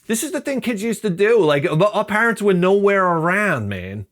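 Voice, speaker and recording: A man's voice: sits high, sing-song, moderate pace, fairly bright tone. A middle-aged man telling rambling, profane comic stories and acting out quoted people in other voices. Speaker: channel host. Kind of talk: rambling comedic storytelling.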